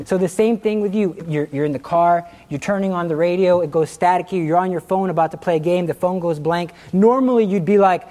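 A middle-aged man giving a lively religious talk, telling stories and laughing at his own jokes. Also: high-pitched, a little fast, few pauses. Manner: animated storytelling, acting out quotes, laughing at his own jokes.

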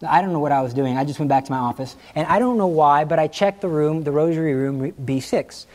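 A man's voice: a little high, fast, a little mellow. A male teacher giving an anecdotal class talk, telling stories with animation, laughing at his own jokes and acting out the people he quotes.

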